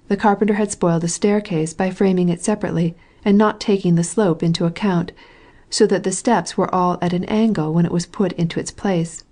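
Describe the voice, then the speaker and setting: A woman narrating a classic novel as an audiobook reader, in a measured, even storytelling manner. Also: lowish voice.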